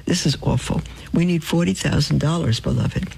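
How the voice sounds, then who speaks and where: An older woman hosting Catholic radio, telling faith stories with lively whispered emphasis. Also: low voice, moderate pace, gravelly, a little hiss or hum, poor audio. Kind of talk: storytelling appeal on radio.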